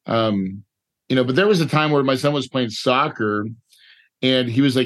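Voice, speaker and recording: A man's voice: medium pitch, lively intonation, normal speed, fairly bright tone. A middle-aged man, a podcast guest, telling a personal story in an emotional, repetitive way, often tagging lines with "right?" and "dude". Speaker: podcast guest, real estate investor. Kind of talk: candid storytelling interview.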